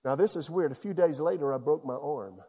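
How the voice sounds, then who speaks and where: A male pastor with a high, light voice preaches to his church. He tells his story with animation, rising and falling, and often drops to a near hush for emphasis. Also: a little fast, husky, big-room sound. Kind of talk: sermon.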